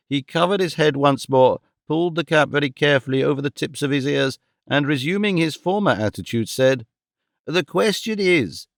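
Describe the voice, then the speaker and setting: A man narrating a classic novel as an audiobook in a measured, even storytelling manner. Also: mid-range voice, gravelly, dry recording, clean studio sound. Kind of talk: scripted narration.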